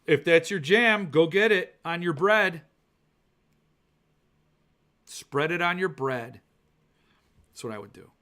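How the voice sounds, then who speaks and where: A male podcast host ranting excitedly about books, swearing when annoyed and reading viewer comments aloud. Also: medium pitch. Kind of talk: ranting book-talk livestream.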